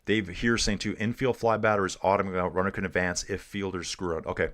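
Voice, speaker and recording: His voice sits low and steady, fairly bright, and he talks quickly. The middle-aged Canadian is a streamer doing easygoing live cycling commentary, chatting with viewers and calling them dude and guys.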